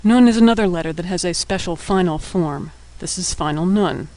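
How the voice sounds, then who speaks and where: A man giving a scripted lesson, naming each letter and explaining its sound in a patient, clear way. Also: sits high, brisk, a little mellow, poor audio. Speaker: teacher. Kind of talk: scripted instructional narration.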